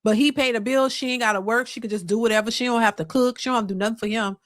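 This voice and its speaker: A woman's voice: on the high side, steady tone, very fast, no echo, clean studio sound. A woman hosting a live reaction stream, exclaiming and talking straight to her viewers as she reads their messages.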